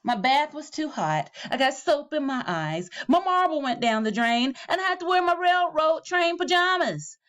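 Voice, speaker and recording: A woman reading a children's picture book aloud as a teacher, with animated storytelling that drops low on the repeated refrains. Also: moderate pace, hardly any pauses.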